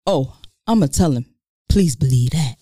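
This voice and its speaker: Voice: medium pitch, animated, normal speed, dark tone, husky, no room sound, studio quality. A podcast host acting out a teen boy who mocks a girl after learning her secret. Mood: teasing.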